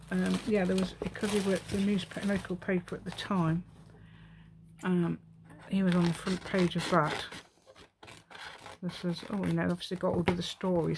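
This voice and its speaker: A woman's voice: lowish voice, background noise. A woman in her fifties chatting and rambling as she makes a craft piece at home, talking to herself and laughing often. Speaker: craft vlogger.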